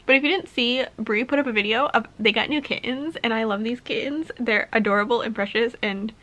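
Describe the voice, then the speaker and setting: A woman's voice: fairly high pitch, normal speed, a bit bright. A woman chatting casually to camera at home in a reading vlog, rambling and laughing often. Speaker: book vlogger.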